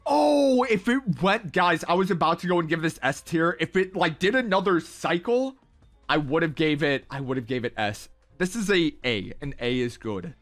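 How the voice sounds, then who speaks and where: A young man giving casual, excitable reaction commentary, ranking game emotes with lots of slang. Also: on the high side, moderate pace, soft background music. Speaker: gaming content creator.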